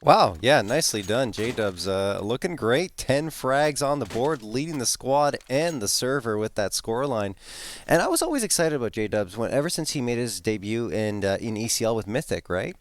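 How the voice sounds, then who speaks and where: A man's voice: medium pitch, big pitch swings, normal speed. A man giving easygoing live esports color commentary on a headset mic, chatty and full of fillers. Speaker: esports analyst.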